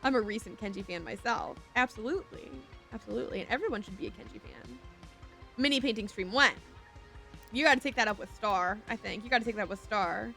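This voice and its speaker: A woman's voice: medium pitch, fast talker, gravelly, sharp tone. A young woman streaming a shop game, chatting casually and giggly, reading chat aloud and slipping into a playful whiny voice. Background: game music.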